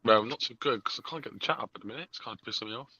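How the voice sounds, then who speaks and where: A man's voice: medium pitch, rapid-fire, muffled recording, crowd noise. A man on a chat panel, talking frankly and heatedly and swearing freely. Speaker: panel guest. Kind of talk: casual chat.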